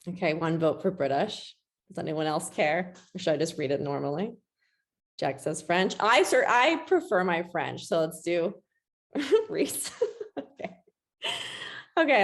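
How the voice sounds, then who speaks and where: A woman presents a webinar in a casual, chatty way, with frequent self-deprecating asides. Her voice sits low and has a gravelly fry running through it.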